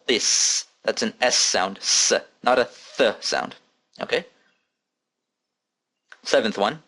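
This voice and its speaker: A man teaching an Arabic lesson, repeating each word slowly and patiently and counting its letters aloud. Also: medium pitch, a bit bright. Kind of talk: recorded language lesson.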